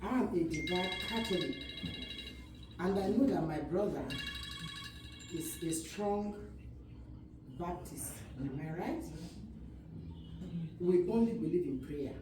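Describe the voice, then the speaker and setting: A woman's voice: fairly low pitch, expressive, slow pace, long pauses. Older Nigerian woman, wedding toast with blessings; distant, roomy sound, noise behind. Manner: warm, blessing-giving, repeats prayers and praise. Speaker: wedding guest giving a toast. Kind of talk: wedding speech. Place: wedding reception hall. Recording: echoey hall from far off, background noise.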